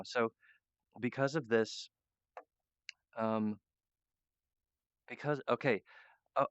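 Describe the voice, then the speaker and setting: A man's voice: mid-range voice, clear, resonant tone, no room sound, dull audio. A man talking in a rambling monologue, hesitant and full of fillers and restarts. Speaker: channel host.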